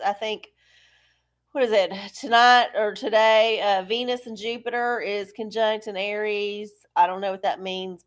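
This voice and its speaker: A middle-aged woman, hosting a live stream in a breezy, folksy way and cursing casually. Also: mid-range voice. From Texas. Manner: breezy, cussing, folksy, greeting viewers. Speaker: livestream tarot host.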